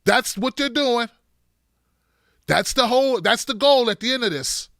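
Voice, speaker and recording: A male political commentator with a high, bright voice, talking in an animated, sarcastic way with a lot of emphasis. The sound is dry and close, with no room echo. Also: unhurried.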